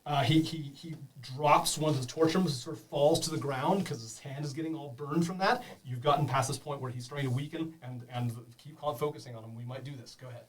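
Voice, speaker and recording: A man running a tabletop game for beginners as game master, animated, laughing and making sound effects. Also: a little high, a little fast, hardly any pauses, distant mic, slight background noise.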